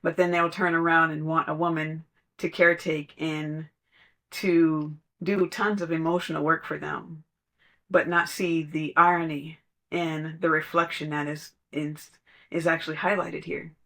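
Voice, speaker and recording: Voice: mid-range voice, flat delivery, a little slow, creaky, sharp tone. A podcast speaker in casual spiritual talk, telling stories conversationally and laughing now and then.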